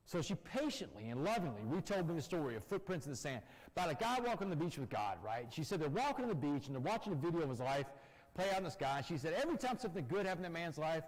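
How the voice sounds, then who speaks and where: A man's voice: fairly high pitch, very animated, fast talker. A man giving an emphatic personal testimony to an audience in a church, speaking to them directly. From Texas. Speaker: guest speaker. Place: church hall. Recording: long church-hall reverb.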